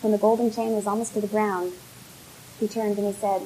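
A woman telling a folk tale with gentle, unhurried narration and small restarts. Her voice sits mid-range over a faint hiss. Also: mid-range voice, fairly even intonation, poor audio. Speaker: storyteller. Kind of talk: live folk tale storytelling, then answering questions.

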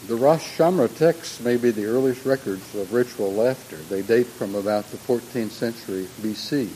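A man's voice: mid-range voice, moderate pace, warm tone, a little hiss or hum, rough recording. An older man speaking in a thoughtful, lecture-like way, with frequent restarts and personal asides. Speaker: speaker on humor and religion. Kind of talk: reflective lecture-style talk.

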